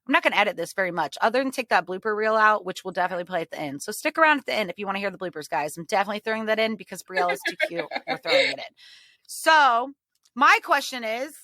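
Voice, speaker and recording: A woman hosting a podcast in casual chat, animated and joking, swearing now and then. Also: medium pitch, quick pace, dry recording. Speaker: podcast host.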